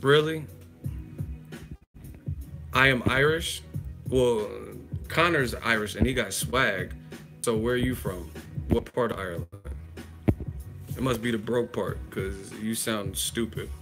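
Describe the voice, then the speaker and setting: A man's voice: mid-range voice, slow, long pauses, over music. A man hosting a live chat stream, roasting a viewer in a profane, mocking, laughing way. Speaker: livestream host.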